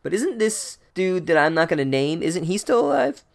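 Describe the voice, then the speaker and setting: A man's voice: high-pitched, very animated, normal speed, gravelly, voice pushed up, exaggerated voice. A man voicing a blunt, exasperated boy wizard in a comedic recap, close to his own voice.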